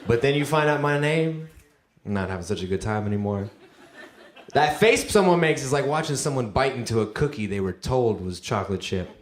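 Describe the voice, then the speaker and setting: A man from Romania doing a stand-up set, his pitch bouncing around a lot as he swings from flat deadpan lines to sudden high, loud outbursts. He is on a handheld stage mic in a roomy, echoing club, with a clear wash of audience noise and laughter behind him. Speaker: stand-up comedian. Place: comedy club with live audience.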